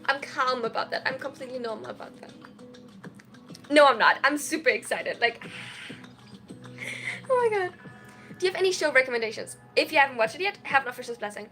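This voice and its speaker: A young woman chatting casually on a live stream, reading and answering chat messages in an excitable, tired way from a small dorm room. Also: high-pitched, fast, faint music behind. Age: young adult. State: sleep-deprived, tired.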